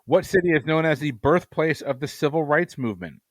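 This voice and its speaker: A man's voice: fairly high pitch, expressive, a little fast, no echo. A man hosting a trivia game, reading questions and teasing the players with dry humor. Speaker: trivia quizmaster.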